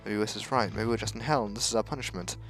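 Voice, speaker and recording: A man's voice: on the low side, quick pace, a bit bright, soft background music. A man voicing a serious, determined teenage girl who speaks urgently.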